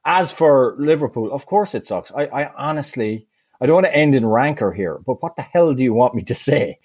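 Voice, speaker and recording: A man's voice: medium pitch, lively intonation, moderate pace, darkish tone, husky, no room sound. A man co-hosting a soccer podcast in casual chat, wry and easily exasperated, with hesitant fillers. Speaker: podcast co-host.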